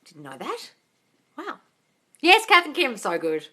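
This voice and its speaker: A woman chats through a casual live-stream Q&A. Her voice sits a little high and sounds bright and crisp. She talks in an animated way, swears freely and laughs a lot. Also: a little slow. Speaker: manifestation coach, live Q&A host.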